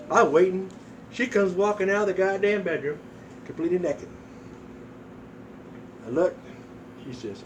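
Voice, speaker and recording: A man's voice: high-pitched, lively intonation, moderate pace, pauses often, distant mic, a little hiss or hum, low-quality recording. A man in his sixties telling crude, profane jokes in a folksy storytelling way, acting out voices.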